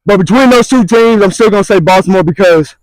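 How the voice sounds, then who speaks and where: High-voiced man in emphatic sports talk. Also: fast talker, a little mellow, no room sound, low-quality recording. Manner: emphatic, repeats himself, slangy. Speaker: sports podcast co-host.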